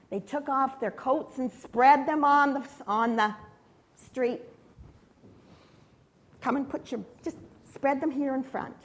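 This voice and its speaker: A woman leading children in prayer and an acted-out story, animated and encouraging. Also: high-pitched. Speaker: children's church leader.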